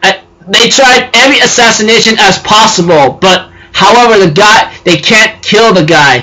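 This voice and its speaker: A man's voice: sits high, moderate pace, pushed and bright, low-quality recording. A man casually recapping an anime episode, rambling with lots of fillers and giggling as he talks. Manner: rambling, full of "you know" and "and so forth"; giggly, laughs while talking. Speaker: anime reviewer.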